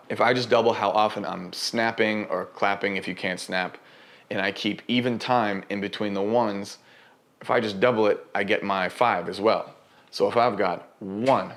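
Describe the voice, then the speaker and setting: A man's voice: lowish voice, fairly even intonation, normal speed. A man explaining rhythm and counts as a dance instructor, sometimes counting beats and vocalizing patterns aloud.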